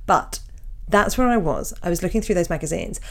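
A woman's voice: on the low side, lively intonation, a little fast, creaky. A woman co-hosting a podcast in casual chat, playful and giggly, often correcting herself mid-sentence. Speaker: podcast co-host.

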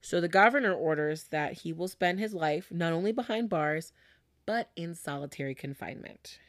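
A woman host recounts a story in a relaxed, chatty way, with lots of fillers. Her voice is on the low side and the sound is dry and close. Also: moderate pace, no room sound. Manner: conversational, with frequent fillers and laughs. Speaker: podcast host. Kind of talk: casual storytelling chat.

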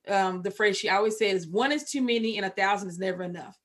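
A Texan woman telling her recovery story as a podcast guest, candid and emotional, with sudden loud outbursts. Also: mid-range voice, quick pace, hardly any pauses. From Texas.

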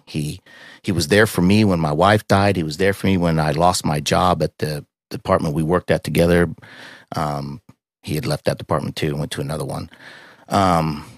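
Deep gravelly middle-aged man, halting and raw. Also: dry recording, studio quality. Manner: raw, halting, swears often, with many restarts and fillers. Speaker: podcast guest. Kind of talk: emotional personal storytelling.

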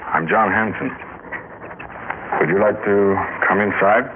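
A man playing a shy, gentle park hermit. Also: lowish voice, natural voice. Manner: slow, hesitant, soft-spoken. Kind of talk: 1950s radio drama acting. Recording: tinny old radio broadcast, faint hiss.

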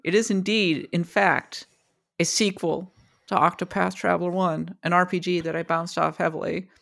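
A woman's voice: lowish voice, steady tone, moderate pace, creaky, fairly bright tone. A woman co-hosting a casual game discussion podcast, speaking wryly and jokingly.

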